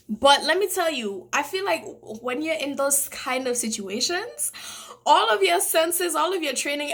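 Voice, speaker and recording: A young woman chats through a casual storytime, her voice sitting high and sounding crisp and bright. She tells it with drama, often breaking into laughter along the way. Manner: animated, dramatic retelling with laughs. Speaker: vlogger.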